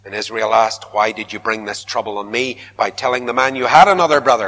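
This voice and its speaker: A man preaching a sermon, emphatic, his voice rising to loud repeated protests. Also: on the low side, fairly even intonation, brisk, few pauses. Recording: long hall reverb.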